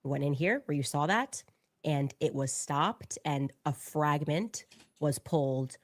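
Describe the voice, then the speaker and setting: A woman walks through a claim piece by piece in a deliberate way, pointing out details as she goes. Her voice is low. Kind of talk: explaining a claim on a clip.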